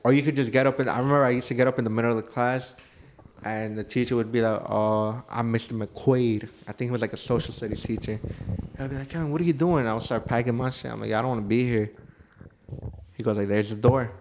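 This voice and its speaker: A man's voice: medium pitch, quick pace, a little hiss or hum. Young man telling stories, swearing, laughing. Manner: animated storytelling, swears often, laughs through punchlines. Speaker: podcast co-host. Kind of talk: casual chat.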